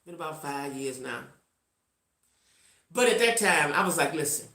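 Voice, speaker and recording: Blunt, lively woman vlogger around sixty. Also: sits low, a little slow, echoey room. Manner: blunt, salty, repeats for emphasis; reacts to live chat. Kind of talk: casual storytelling to viewers.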